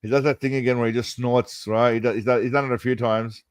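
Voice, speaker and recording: A man's voice: mid-range voice, flat delivery, fast, slight background noise. A man hosting a stream, casually reacting to a film trailer in a mocking, rambling way. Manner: mocking, rambling, laughs at his own jokes.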